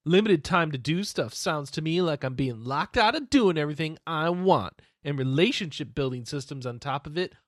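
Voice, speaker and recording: A man's voice: a little high, expressive, moderate pace, hardly any pauses, no echo, clean studio sound, close to an everyday voice. A man reading a listener's letter in the voice of a petulant, whiny boy. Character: petulant, whiny male child.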